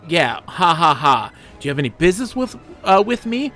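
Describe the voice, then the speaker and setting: Guy doing a short cocky rogue npc, teasing and touchy, kinda high voice. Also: very animated, brisk, sharp tone, faint music behind. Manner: mocking, bantering.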